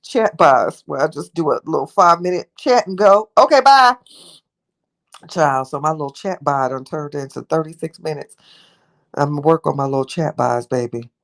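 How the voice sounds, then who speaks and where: A woman's voice: low voice, creaky. A young woman hosting a livestream, chatting and rambling affectionately with her viewers. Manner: rambling, affectionate, talks to chat by name. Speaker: livestream host. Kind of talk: casual live chat with viewers.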